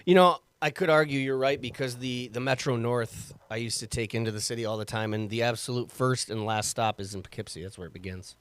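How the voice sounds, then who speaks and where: A man's voice: medium pitch, brisk, hardly any pauses, a bit bright, clear, resonant tone. A man co-hosting a podcast from upstate New York, joking casually and swearing as he talks. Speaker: podcast co-host. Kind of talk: casual chat.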